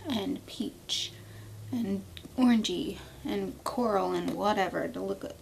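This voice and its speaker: At home indoors, a beauty vlogger in her thirties chats casually through a makeup tutorial, playful and fond of inventing silly words as she works. Her mid-range voice is creaky and slow-paced, with a little hiss or hum in the recording.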